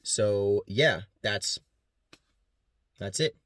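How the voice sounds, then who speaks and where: His voice sits on the low side with a bit of brightness, captured in a dry, studio-quality recording. As a student presenter, he casually and quickly walks the class through vocal sounds, beatboxing examples between sentences.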